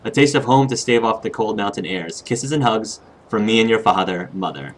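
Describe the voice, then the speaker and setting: A man voicing a doting mother's letter to her daughter, read slowly and tenderly. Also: fairly low pitch, animated, a little hiss or hum, natural voice. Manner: slow, tender letter reading.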